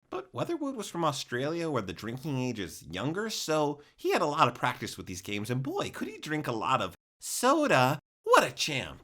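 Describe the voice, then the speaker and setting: A young man, narrating a comic storytime in an animated, exaggerated way with jokey asides. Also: medium pitch.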